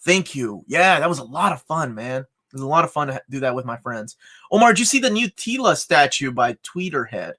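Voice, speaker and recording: A man's voice: medium pitch, sing-song, fairly quick, sharp tone. A man co-hosting a live chat show, joking and reading viewer comments aloud. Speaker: co-host.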